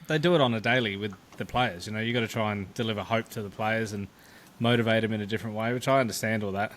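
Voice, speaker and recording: A man's voice: on the low side, fast, fairly bright tone, slight background noise. A man co-hosting a podcast chat, blunt and sweary. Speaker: podcast co-host. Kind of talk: casual chat.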